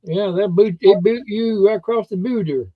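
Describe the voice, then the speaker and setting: A man's voice: high voice, normal speed, phone-quality sound. A man co-hosting a live chat, teasing and repeating words for laughs. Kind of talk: joking casual chat.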